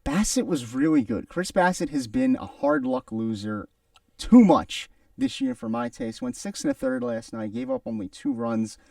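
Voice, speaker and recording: Young male sports talk co-host, lively pitch, gravelly, emphatic and opinionated; dry sound from a bit off mic. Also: normal speed, no room sound, recorded from a distance.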